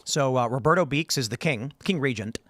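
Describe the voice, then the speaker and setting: A man hosting a casual panel talk show, telling stories in an animated way and reading viewer comments aloud. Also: mid-range voice, fairly quick, dry recording, studio quality. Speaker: show host.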